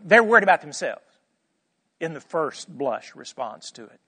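A man preaching a sermon and teaching scripture. He is emphatic, swings between soft and loud, and asks rhetorical questions. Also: a little high, sing-song, normal speed, slightly rough, in a large hall.

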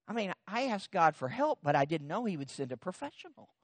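A man doing a high, amazed older woman. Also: sing-song, brisk, dry recording. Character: astonished grateful older woman in a diner line.

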